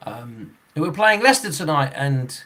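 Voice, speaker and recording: A man's voice: on the high side, sing-song, unhurried, bright, forceful tone. Rambling, chuckling man in his sixties. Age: 60s. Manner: rambling, chuckling, with frequent fillers and restarts. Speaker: football referee and podcast host. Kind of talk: casual podcast chat.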